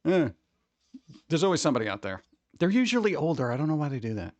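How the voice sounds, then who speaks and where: A male streamer talks in a loose, rambling, joking way, reading chat messages as they come in. His voice sits fairly high for a man, and the sound is dry and close with little room to it. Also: very animated, quick pace, no room sound, dull audio. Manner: rambling, jokey, reads chat aloud. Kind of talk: casual live-stream chat.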